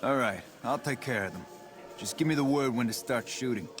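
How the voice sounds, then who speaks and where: An actor playing a blunt, tough-talking mob underling who plots to take over. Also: male voice, medium pitch, brisk, close to an everyday voice. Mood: confident. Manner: tough-guy, blunt, conspiratorial. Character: scheming male mob underling plotting a takeover. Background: game music.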